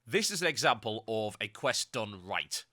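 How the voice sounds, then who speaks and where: Hoarse, nasal man with a very bright voice. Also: lowish voice, sing-song, normal speed, a little hiss or hum. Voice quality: slightly nasal. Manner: ranty, sarcastic asides. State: hoarse voice with a cold. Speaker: game commentator. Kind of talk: gameplay commentary.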